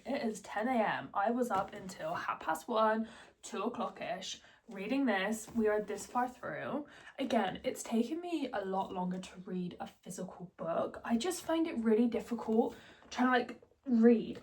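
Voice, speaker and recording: Young woman, slightly high voice, casual book vlog chat, giggly. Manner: chatty and giggly, with many fillers. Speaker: book vlogger.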